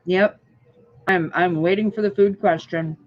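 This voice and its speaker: A woman chats slowly on a livestream from a diner booth, dry and joking, sometimes with food in her mouth. The sound is dull and lo-fi. She takes her time between words. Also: lowish voice, steady tone. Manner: slow, dry and joking, chewing food while talking. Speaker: livestream co-host. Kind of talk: casual chat.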